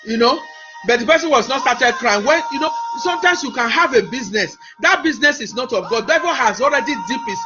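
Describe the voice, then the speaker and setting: A man preaches in a strikingly high voice. He is emphatic and repetitive, often restarting his phrases. The recording sounds dull and lo-fi, with music playing behind him. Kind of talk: sermon.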